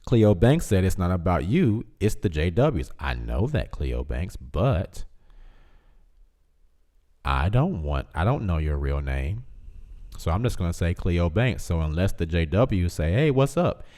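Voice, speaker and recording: A man chats on his own livestream at an unhurried, drawn-out pace, his voice sitting fairly low. He reads out viewer comments, teases people in a laid-back way and breaks into laughter often. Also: sing-song, dark tone. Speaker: livestream host reading chat. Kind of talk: casual livestream chat.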